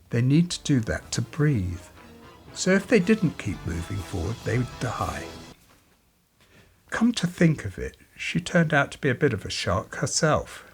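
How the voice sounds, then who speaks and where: A man in his fifties, an artist and part-time teacher, telling wry stories to camera with dry humour. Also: mid-range voice. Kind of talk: reflective storytelling to camera.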